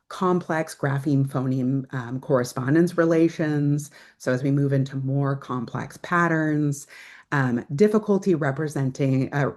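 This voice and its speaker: Woman, low voice, webinar presenter, explanatory, ums, video call. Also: darkish tone. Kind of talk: webinar lecture.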